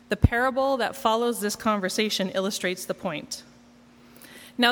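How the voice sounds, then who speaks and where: A woman's voice: fairly high pitch, a bit bright. Woman preaching in a reverberant church. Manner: conversational, wry, self-deprecating. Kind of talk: sermon.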